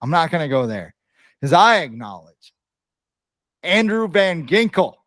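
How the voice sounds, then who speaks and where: A man co-hosting a casual sports podcast, rambling and excitable, stumbling over names and coughing now and then. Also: fairly high pitch, unhurried, no room sound. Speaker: podcast co-host.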